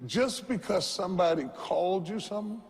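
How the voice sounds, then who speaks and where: A man preaching a sermon, slow and deliberate, who builds up to shouting and has the congregation repeat after him. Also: sits high, a little hiss or hum. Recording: long reverb in a large hall.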